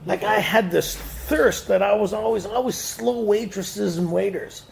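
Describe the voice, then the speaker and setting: A man gives a recovery meeting talk in a raised, gravelly voice. He tells his story in a joking way and keeps laughing at his own lines. A faint hiss of background noise sits under the recording. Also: sits high, a little slow. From Canada. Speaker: AA speaker.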